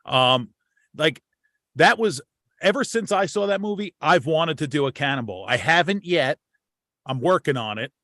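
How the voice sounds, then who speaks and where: A slightly high-voiced American man hosts a relaxed conversation, circling back and repeating himself as he works toward a point. His voice sounds dry and close to the mic. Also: moderate pace, dry recording. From United States. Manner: rambling, repeats words when starting. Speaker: podcast host. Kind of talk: casual chat.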